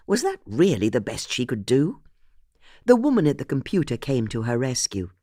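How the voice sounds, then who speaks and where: An audiobook narrator reading a mystery novel in an expressive, scripted way. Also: mid-range voice, moderate pace, no echo, studio quality.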